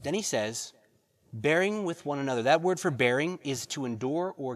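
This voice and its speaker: A pastor preaching a sermon, reading verses and pressing the congregation with rhetorical questions and repeated phrases. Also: male voice, fairly high pitch, lively intonation, moderate pace.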